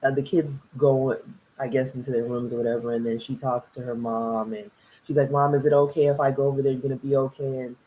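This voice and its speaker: A woman's voice: a bass voice, flat delivery, fast talker, dark tone, slight background noise, low-quality recording. A young woman casually recapping a reality TV episode, chatty and rambling, often laughing between thoughts. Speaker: TV reality show reviewer.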